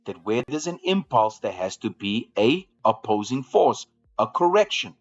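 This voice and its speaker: Animated man hosting a live trading stream. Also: medium pitch, moderate pace, dull audio. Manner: animated, repeats phrases, asks viewers to follow along. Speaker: live trading room host. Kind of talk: live market commentary.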